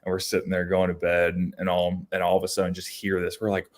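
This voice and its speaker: Low-voiced young man telling rambling stories. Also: quick pace. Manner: rambling, animated storytelling with many restarts. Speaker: podcast co-host. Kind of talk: casual storytelling chat.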